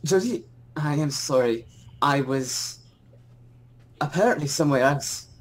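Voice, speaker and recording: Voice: medium pitch, animated, unhurried. A player voicing a dreamy, distracted young mage who speaks hesitantly. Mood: apologetic.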